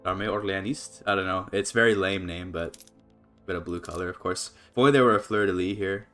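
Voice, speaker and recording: A man's voice: low voice, a little fast, soft background music. A man casually commentating a strategy game on a live stream, thinking aloud with many fillers and restarts, breaking into laughs. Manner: laughs often, voice jumps up when excited.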